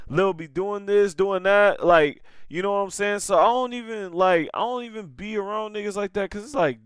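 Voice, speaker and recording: A man's voice: sits high, moderate pace, hardly any pauses, clean tone, no echo. A young man giving casual, slangy reaction commentary on a clip, saying "bro" again and again.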